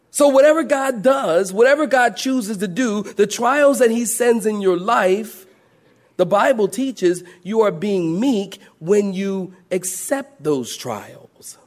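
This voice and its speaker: A middle-aged male pastor delivers a sermon in a fairly high voice. He tells stories with a lot of motion, sinking to a soft, low murmur before climbing back up to loud, raised lines.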